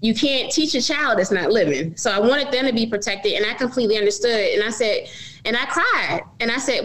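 A woman's voice: fairly high pitch, animated, a little fast, fairly bright tone, rough recording. A middle-aged woman, a business owner, telling her story earnestly in an interview and often calling her listeners y'all.

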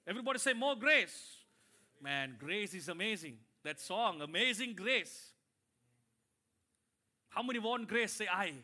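A pastor delivering a lively sermon, calling out to his congregation and building his emphasis. His voice is high and very bright, with a sharp, ringing edge. He is speaking in a church. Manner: animated preaching with rising emphasis and audience call-and-response.

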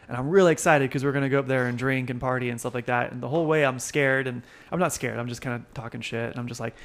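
A man's voice: mid-range voice, steady tone, quick pace, hardly any pauses, fairly bright tone. A man chatting casually in a laid-back, rambling way, full of fillers. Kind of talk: casual chat.

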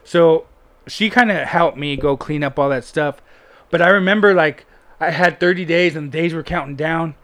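Male guest storyteller, blunt, profane, casual, a bit high-voiced. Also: normal speed, a bit bright. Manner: candid, heavy swearing, frequent "like" fillers.

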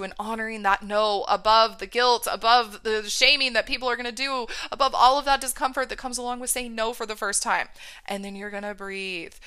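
A woman's voice: mid-range voice, sharp tone, clear, resonant tone. A woman self-care coach giving an earnest, emphatic motivational talk to viewers, often checking in with "right?".

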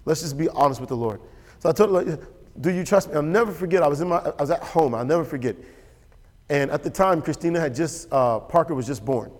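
A man's voice: a little high, fast talker, darkish tone, long reverb tail. A man preaching a sermon as pastor. He talks emphatically, repeats his key lines and often checks that the audience is with him. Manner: emphatic and repetitive, asks the audience for assent.

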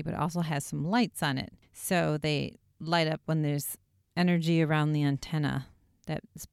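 Low, smooth-voiced chatty woman. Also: darkish tone, dry recording, clean studio sound. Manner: chatty, lots of "like", wry asides. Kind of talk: casual episode recap.

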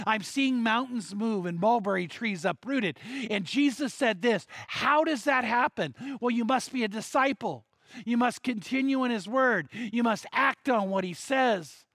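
A man's voice: sits high, a bit bright, dry recording. A man preaching a sermon, telling a story and acting out the voices of the people in it. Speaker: pastor.

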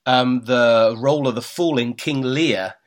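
A man's voice: medium pitch, measured pace. Chatty male interviewer. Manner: chatty, rambling, many fillers. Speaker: interviewer host. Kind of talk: casual interview chat.

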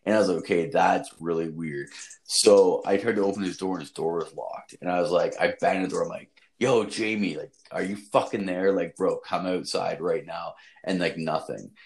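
A man telling a story in casual chat, rambling and swearing, often saying "like" and "dude" and jumping into high yelps for quotes. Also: fairly even intonation, normal speed, vocal fry, breathy edge.

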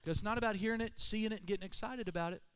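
A man's voice: sits high, rapid-fire, a bit bright, smooth. A male pastor preaching a sermon in a church, emphatic and calling for amens. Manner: emphatic preaching, calls for Amen.

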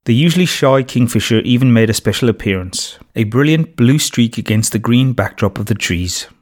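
Male narrator for a children's storybook, measured steady read, medium pitch. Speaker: audiobook narrator.

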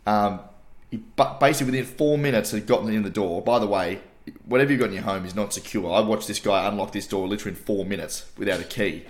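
An Australian man co-hosting a podcast, telling animated stories in casual chat, swearing and calling his co-host mate. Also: lowish voice, quick pace. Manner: animated storytelling, swears, says mate a lot.

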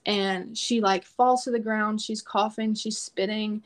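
A woman's voice: medium pitch, steady tone, unhurried. A woman guest on a podcast, telling a personal story in a casual, emphatic way and acting out quoted prayers.

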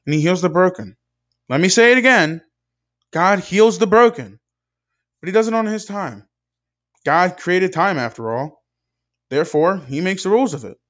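A young man giving a scripted devotional talk with an earnest, measured preaching cadence. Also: on the high side. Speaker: speaker in a devotional video.

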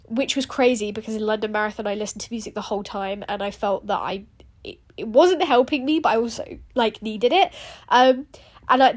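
A young woman hosting a running podcast, chatting casually and animatedly with lots of "like" fillers. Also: on the high side. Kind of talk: casual solo chat.

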